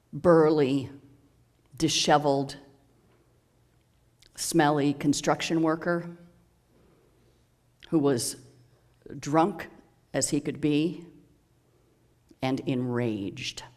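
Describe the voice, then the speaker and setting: Minister, sermon storytelling, very slow pace, measured, dramatic pauses, mid pitch.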